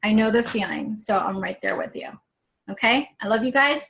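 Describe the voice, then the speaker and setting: A woman's voice: medium pitch, animated, normal speed, gravelly, fairly bright tone. A young woman telling her personal story as an online fitness coach, chatty and earnest, acting out what she said back then. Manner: chatty and earnest, acts out her own quotes. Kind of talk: personal story on a live video.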